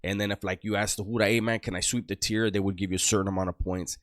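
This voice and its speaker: A middle-aged man with a very low voice tells a story from his past, loose and rambling, full of street slang and swearing. The sound is dry and close, with no room around it. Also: little pitch movement, fast talker, fairly bright tone, dry recording. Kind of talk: casual storytelling.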